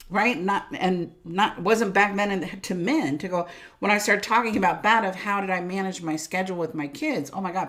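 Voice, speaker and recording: A woman business coach telling personal stories in a casual interview, animated and laughing often, ending many lines with "right?". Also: lowish voice. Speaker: profit coach, guest.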